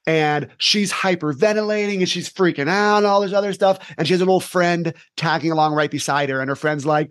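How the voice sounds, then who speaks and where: Give me an energetic man with a fairly high voice, a teen coach telling animated stories in a podcast interview, recorded dry and close. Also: fairly quick, few pauses, no echo. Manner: animated, energetic storyteller who acts out scenes. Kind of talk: casual interview storytelling.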